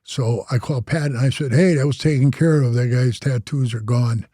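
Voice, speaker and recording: A man's voice: medium pitch, normal speed, warm tone, slightly rough, dry recording, studio quality. An older man from Wisconsin, a former biker club president, telling long rambling stories in a casual, slangy way. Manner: rambling, slangy, says "bro" and "man" a lot. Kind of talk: casual storytelling.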